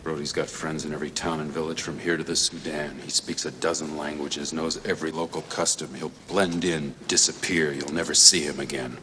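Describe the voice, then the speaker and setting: A gruff adventurer hero, super deep voice, film audio with long reverb and faint ambience. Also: male voice, level tone, fairly quick, few pauses, sharp tone, a little hiss or hum. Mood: defiant. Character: bold middle-aged male adventurer archaeologist.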